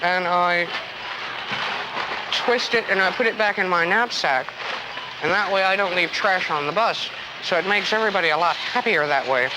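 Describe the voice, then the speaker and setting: A man's voice: sits high, moderate pace. A man in his twenties asking strangers for money outdoors, using stiff, overly formal, polite phrasing. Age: 20s. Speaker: homeless man panhandling. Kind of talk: documentary street recording. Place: outdoors on city streets. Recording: noisy street recording.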